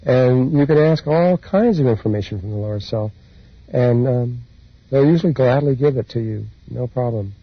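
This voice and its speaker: A man speaking as a spiritual teacher, telling his personal experiences in an unhurried, meandering way with soft laughs. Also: mid-range voice, slightly rough. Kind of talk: reflective personal storytelling talk. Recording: dull lo-fi recording.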